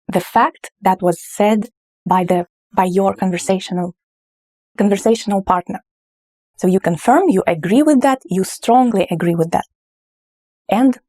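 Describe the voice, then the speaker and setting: Slow, patient Russian-accented woman teacher. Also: medium pitch, lively intonation, dark tone, no echo, clean studio sound. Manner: patient, explains slowly, says Russian phrases expressively. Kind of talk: language lesson.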